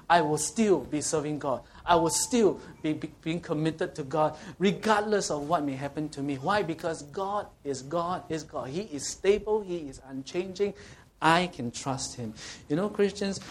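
A man preaches with a voice sitting a little above the usual male range. He tells stories with laughter, then slows down to read scripture, and keeps asking the listeners questions. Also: on the high side, slight background noise. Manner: anecdotal, animated preaching with laughter and rhetorical questions. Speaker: pastor. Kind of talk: sermon.

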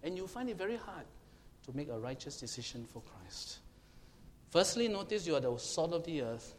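A man preaching a sermon, emphatic and questioning his congregation, now and then shouting to make a point. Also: on the high side, big pitch swings, moderate pace. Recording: long hall reverb, faint room noise.

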